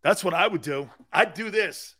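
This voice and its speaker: A man with a notably high speaking voice hosts a sports talk show. He rants loudly and with humor, jumping into the shouted voices of furious fans before dropping back to his own chatty delivery. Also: moderate pace, husky. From United States. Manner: animated, acts out angry fans in bursts. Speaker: sports radio host. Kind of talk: loud comic sports talk rant.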